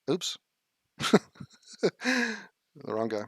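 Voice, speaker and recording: A man hosting a live stream from his living room, reading viewer comments and replying in a heated, sarcastic rant full of swearing and drawn-out insults. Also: medium pitch, lively intonation, fairly bright tone, no room sound, studio quality.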